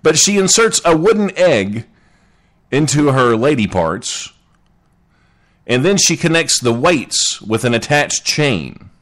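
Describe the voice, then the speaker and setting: A man's voice: a little high, sing-song, slow pace, fairly bright tone. A man hosting a casual live podcast, joking and chatting with listeners in the chat. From Southern United States. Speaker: podcast host.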